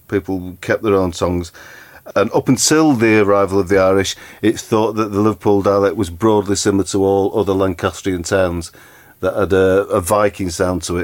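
A man hosting a casual chat show, curious and reading out quotes about a word. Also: lowish voice. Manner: curious, reads quotes aloud. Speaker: podcast host.

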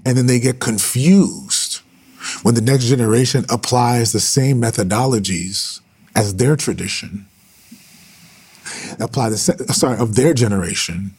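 A man preaching fervently in a husky, breathy voice, hammering each point by saying it again and again. He talks directly to his listeners as he goes, in a live-streamed style of preaching. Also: medium pitch, darkish tone. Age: adult with sons. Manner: fervent, repeating phrases for emphasis. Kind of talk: impassioned preaching on a livestream.

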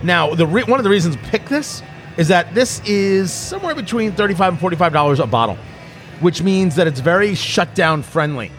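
A middle-aged man hosts a loose, joking conversation, often stopping and restarting mid-thought. His voice sits a bit high for a man. A faint bed of music plays underneath. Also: expressive, brisk, fairly bright tone. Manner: rambling, self-interrupting, jokey. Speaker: podcast host. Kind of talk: casual tasting chat.

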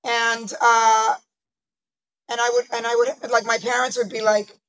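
High-voiced woman telling a candid story. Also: little pitch movement, measured pace, a bit bright, rough recording. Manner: candid, reflective. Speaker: interview guest. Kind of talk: personal storytelling in conversation.

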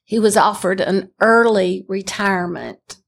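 A woman's voice: medium pitch, a little slow, creaky. An older woman sharing a personal faith testimony in an earnest, emphatic storytelling way. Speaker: testimony speaker.

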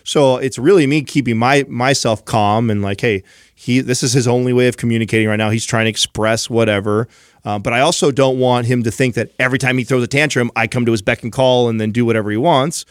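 A man's voice: mid-range voice, fairly even intonation, fast, no room sound, studio quality. A man in his thirties chatting casually on a podcast, rambling through a story with lots of fillers. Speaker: podcast co-host. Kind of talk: casual chat.

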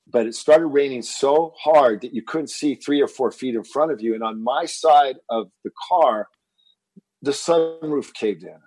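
A man in his fifties from Texas, telling a personal story as a guest in an interview, animated and getting louder as he relives the moment. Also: medium pitch, breathy edge, no room sound, rough recording. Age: 50s. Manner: animated storyteller, rises to shouting when reliving anger. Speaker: fitness entrepreneur guest.

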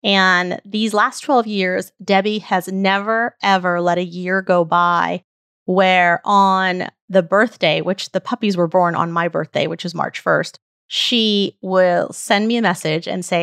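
A woman's voice: fairly low pitch, steady tone, unhurried, creaky, fairly bright tone, clean tone, dry recording, studio quality. A woman hosting a podcast, telling a personal story in an earnest, heartfelt, reflective way. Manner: earnest, heartfelt, tells stories at length. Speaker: podcast host.

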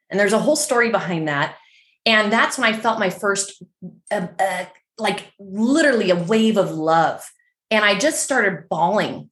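A middle-aged woman from San Francisco, telling a story as a podcast guest in a chatty, animated way full of fillers. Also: mid-range voice, echoey room. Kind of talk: casual storytelling.

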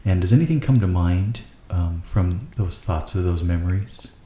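Mellow low-voiced man in an echoey room. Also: moderate pace, a little hiss or hum. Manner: earnest, questioning. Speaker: podcast host leading discussion. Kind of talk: casual discussion.

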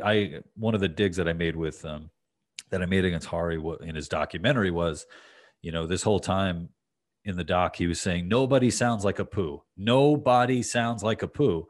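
Deep-voiced male podcast host. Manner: rambling, many fillers and restarts. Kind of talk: casual conversation.

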